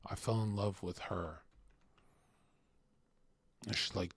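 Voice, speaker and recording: A man's voice: deep voice, slow, creaky, husky, no echo. Crude, rambling man telling stories. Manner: crude, rambling, swings loud to mumbled asides. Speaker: podcast host. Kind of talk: casual storytelling monologue.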